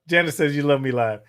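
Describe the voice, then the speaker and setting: A middle-aged man chatting on a livestream in a voice that sits a little high. He reads out viewer comments and answers them with crude, joking banter. He breaks into laughter often. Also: smooth. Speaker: livestream host reading chat. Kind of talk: casual livestream chat.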